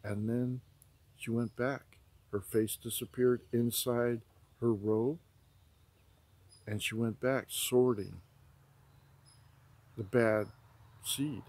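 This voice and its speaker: A man's voice: medium pitch, steady tone, takes it slowly, long pauses, darkish tone, no echo. A man earnestly recounting a prophetic dream in vivid detail, ending in an urgent, preaching warning. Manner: vivid storytelling with many repetitions. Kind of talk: earnest spoken testimony.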